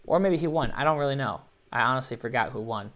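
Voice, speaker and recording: A man hosting a live online show, commenting on competition videos with animated, joking, playfully sarcastic energy. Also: mid-range voice, fast.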